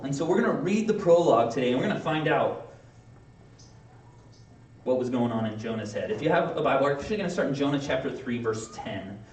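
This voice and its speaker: A man preaching a sermon in a casual, conversational way, acting out quick playful asides. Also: mid-range voice, a little mellow. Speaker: pastor. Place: church sanctuary. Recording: echoey room, mic from a distance.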